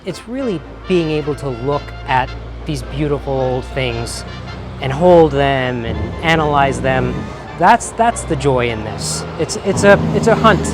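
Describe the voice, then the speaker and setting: Enthusiastic man browsing antiques. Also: fairly high pitch. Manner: enthusiastic, reads price tags aloud. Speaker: vlog host. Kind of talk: casual vlog chat. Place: antique market indoors.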